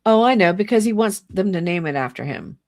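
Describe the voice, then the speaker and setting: A woman's voice: mid-range voice, animated, a little fast, a little mellow, no room sound, clean studio sound. A middle-aged woman hosting her channel, ranting heatedly about politics in a rambling, indignant way with many restarts. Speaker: channel host. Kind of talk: solo political rant to camera.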